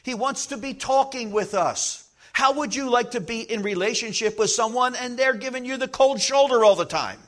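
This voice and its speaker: A man preaching a sermon as pastor, emphatic, slowing down to stress key lines and acting out little everyday scenes. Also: very high-pitched, fairly bright tone.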